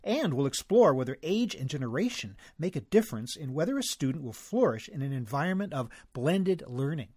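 A man hosting an interview podcast, reading a scripted introduction and then asking guests measured questions. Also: on the high side, sing-song, darkish tone, dry recording, clean studio sound. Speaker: podcast host.

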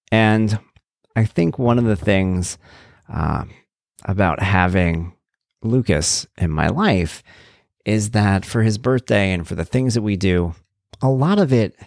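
Low, gravelly man in casual monologue. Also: a little mellow, dry recording, studio quality. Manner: rambling and conversational with wry, blunt humor. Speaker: parent blogger talking about his son.

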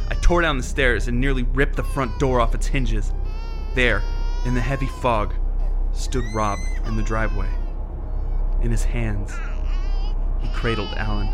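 An actor playing a tired, frightened young father who narrates a horror story in first person, tense and hushed. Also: lowish voice, close to an everyday voice. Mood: frantic. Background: music.

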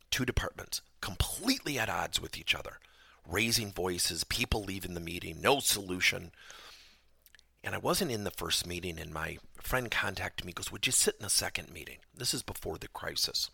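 Man, podcast host, gravelly, lively pitch swings, emphatic, dry close sound. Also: moderate pace, no room sound. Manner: animated, emphatic, rhetorical questions. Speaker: podcast host and workplace trainer. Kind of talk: podcast lesson with personal stories.

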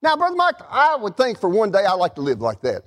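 Preaching a sermon at a brisk, quick pace, this middle-aged man keeps a folksy, animated tone and often speaks directly to the congregation. His pitch sits high for a male voice and rises and falls expressively.

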